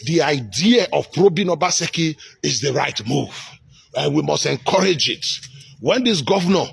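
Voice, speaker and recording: A Nigerian man from Edo State giving a forceful, scolding opinion monologue on politics. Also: fairly high pitch, expressive, normal speed, creaky, breathy edge, dry recording. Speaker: political commentator.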